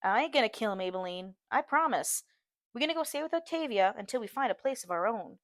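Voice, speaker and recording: Brief: woman reading as a desperate, fierce woman on the phone, pitched a bit higher, dry close sound. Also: animated, quick pace, no room sound. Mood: resolute. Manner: panicked, pleading, then resolute. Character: distraught grown woman fleeing abuse, fierce. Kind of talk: audiobook reading.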